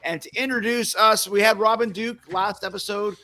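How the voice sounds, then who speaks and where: A man co-hosting a podcast, chatting casually and joking, quick to laugh. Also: high-pitched, steady tone, sharp tone. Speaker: podcast co-host. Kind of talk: casual chat.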